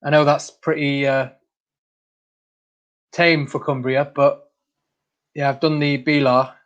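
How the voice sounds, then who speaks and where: A man's voice: fairly high pitch, flat delivery, slow, dull audio. A man hosting a casual livestream, reading out viewer comments, laughing often and calling people mate. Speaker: channel host.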